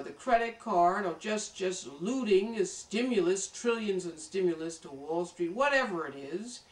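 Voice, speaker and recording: A woman's voice: medium pitch, distant mic. Emphatic woman lecturing in a roomy echo. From United States. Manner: emphatic, lecturing, addresses viewers directly. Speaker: political commentator. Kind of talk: political commentary monologue.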